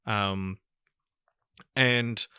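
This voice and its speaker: A New Zealand-accented man chatting on a podcast, his voice a touch low but bright and forward. He rambles, restarts and swears casually. The sound is dry and close. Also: fairly even intonation, extremely slow, clean tone, dry recording. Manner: rambling, swears often, many fillers. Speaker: podcast host. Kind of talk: casual chat.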